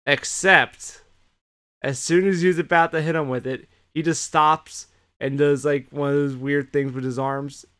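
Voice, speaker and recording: A man co-hosting a casual podcast, retelling the week with lots of energy and plenty of swearing. His voice is smooth and resonant and sits a little high. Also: unhurried. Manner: animated retelling, heavy swearing. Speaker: podcast co-host. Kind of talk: casual chat recapping wrestling.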